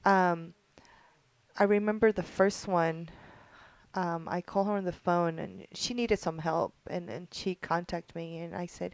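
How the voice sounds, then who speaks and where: A woman guest in a casual podcast interview, talking earnestly with frequent pauses and fillers. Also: lowish voice, steady tone, creaky, smooth, no room sound. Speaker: guest, founder of a military spouse group.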